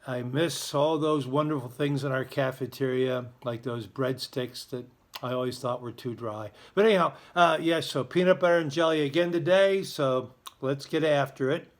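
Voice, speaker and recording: A man hosting a school's morning announcements, with a voice of ordinary middle pitch. He talks casually and cheerfully to the children, cracking self-deprecating jokes along the way. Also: normal speed. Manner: chatty, joking, self-deprecating. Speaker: school morning show host.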